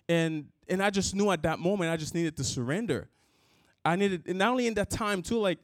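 A man's voice: high voice, no echo. A young man giving an earnest sermon testimony, repeating and restarting his words as he builds toward an impassioned close. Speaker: church speaker.

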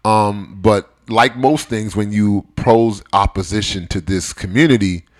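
A man's voice: fairly low pitch, unhurried. A man of about forty hosting a casual discussion podcast, talking in a conversational, digressive way with joking asides. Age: around 40. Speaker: podcast host.

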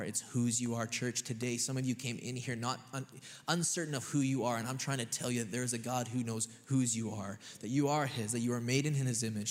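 A man preaching a sermon as a pastor, conversational and emphatic, often checking in with his listeners. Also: medium pitch. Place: church sanctuary. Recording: long reverb of a church hall.

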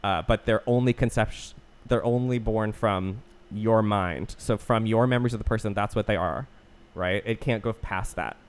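Low-voiced man recapping a film casually. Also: normal speed, few pauses, clear, resonant tone. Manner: loose, profane retelling of a plot with many restarts. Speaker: podcast co-host.

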